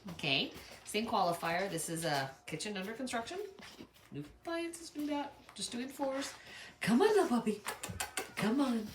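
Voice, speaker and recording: A dog breeder narrates home videos of her dogs in a chatty, casual way, cooing at the puppies. Her voice is medium-pitched, and her home kitchen, which is under construction, sounds echoey with a noisy background.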